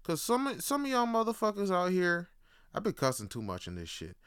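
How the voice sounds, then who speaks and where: A man's voice: sits high, huge pitch swings, fairly quick, a bit bright, clear, resonant tone, no echo. A man hosting a podcast, talking in a casual, rambling, profane monologue. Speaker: podcast host.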